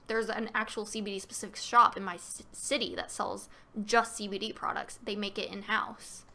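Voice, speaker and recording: A woman's voice: medium pitch, flat delivery, moderate pace, bright, forceful tone. A woman hosting a casual live-stream Q&A, talking loosely with many fillers and restarts and reading viewer questions aloud.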